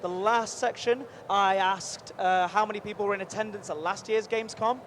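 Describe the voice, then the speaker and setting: A man hosting a live stream from a busy convention booth, chatty and energetic, rambling with quick restarts. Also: high-pitched. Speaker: livestream host at a game convention booth. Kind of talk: upbeat live event hosting. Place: busy convention show floor. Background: faint crowd noise.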